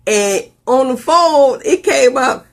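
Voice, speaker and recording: Animated woman hosting a casual live show. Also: slow. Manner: animated storytelling, big pitch jumps on quoted lines. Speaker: host.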